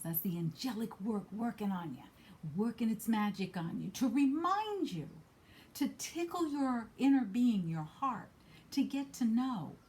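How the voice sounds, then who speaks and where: An earnest woman reads spiritual cards and talks straight to the listener. She comes down hard on the words she cares about and says them more than once. Then she falls back to quieter asides. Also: medium pitch. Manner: earnest, emphatic, repeats key phrases. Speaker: card reader. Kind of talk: spiritual card reading.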